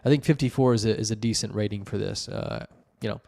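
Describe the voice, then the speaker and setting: This show host reviews wiki articles in a lowish, creaky, slightly mellow voice, talking fast. He rambles casually, piling on fillers and restarts while explaining at great length.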